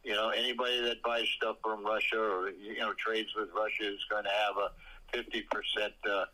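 A low, husky man's voice comes over a radio broadcast. He halts often with uhs and ums while giving blunt opinions on politics, and his tone is bright and pushed forward. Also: flat delivery, a little fast, low-quality recording. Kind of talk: casual political talk.

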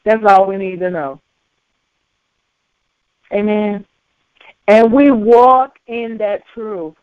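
Woman preacher, unhurried sermon cadence with frequent amens; thin phone-line recording. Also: mid-range voice, steady tone, dry recording. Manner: slow, repetitive, with frequent amens. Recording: tinny phone-like line, dry.

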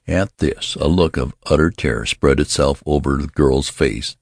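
A man narrating a story in a deliberate, expressive reading. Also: rumbling low, vocal fry, dry recording, clean studio sound. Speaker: audiobook narrator.

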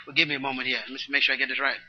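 A man preaching a teaching sermon, explaining scripture word by word and calling on the congregation to repeat after him. He swings between loud, emphatic bursts and soft asides. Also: mid-range voice, flat delivery, rapid-fire, muffled recording. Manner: teaching, asks the congregation to repeat and write words down.

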